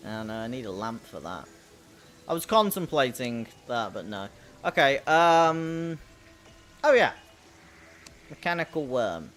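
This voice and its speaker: Casual live gameplay commentary comes from a young adult streamer whose voice sounds childlike and babyish. She's playful and chatty, reads out chat, and speaks in a mid-range, very animated, slightly bright tone, unhurried and with long pauses.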